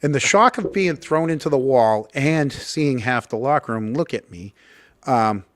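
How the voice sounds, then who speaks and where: A man's voice: mid-range voice, lively intonation, moderate pace. A man hosting a podcast in casual chat, telling rambling stories and laughing often. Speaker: podcast host.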